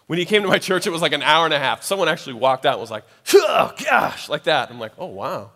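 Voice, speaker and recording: A young man, a pastor, telling a lively family story in a sermon and closing in prayer. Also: a little high, racing, in a large hall. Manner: animated storytelling, then soft prayer.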